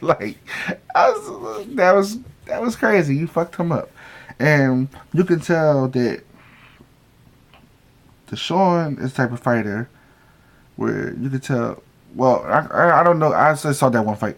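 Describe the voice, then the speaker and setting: A man's voice: mid-range voice, big pitch swings, normal speed. Profane gossipy man recapping a show. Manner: acts out quoted lines. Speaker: reality show reviewer. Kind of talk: casual recap vlog.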